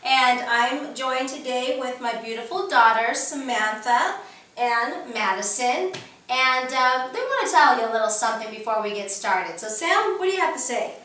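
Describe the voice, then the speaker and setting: A woman from California presenting her own recipe in a casual home cooking demo, talking in an earnest, chatty way with many pauses and fillers. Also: high voice, animated, bright, forceful tone. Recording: very echoey room, mic at a distance.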